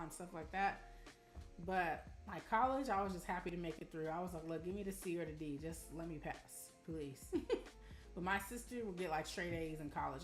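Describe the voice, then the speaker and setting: Chatty young woman streamer, roomy sound. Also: lowish voice. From Arizona. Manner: chatty, animated storytelling, addresses chat as y'all. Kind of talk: casual live-stream chat. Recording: roomy room with faint music.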